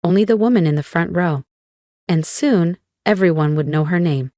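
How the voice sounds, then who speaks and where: A woman narrating a first-person revenge story with a cool, measured delivery and deliberate pauses. Her voice sits fairly low, and the recording is close and dry with no room sound. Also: warm tone, no echo.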